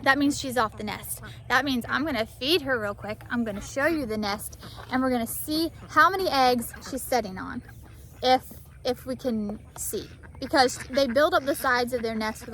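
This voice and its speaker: High-voiced woman vlogging outdoors. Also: normal speed, slight background noise. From Florida. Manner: half-yelling to be heard without a mic. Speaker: farm vlogger. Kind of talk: casual vlog narration. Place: outdoors on a farm. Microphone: phone camera, no external mic.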